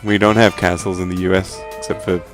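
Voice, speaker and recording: A man's voice: sits low, flat delivery, fast, faint music behind. A man with a Birmingham accent casually commentating on a video game, joking wryly as he plays. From England. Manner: wry and jokey, reading game lines aloud in silly voices. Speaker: let's play commentator.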